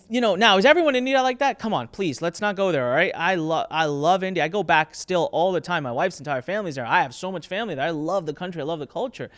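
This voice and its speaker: Man telling a candid business story. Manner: animated, acts out quoted people with shifting pitch.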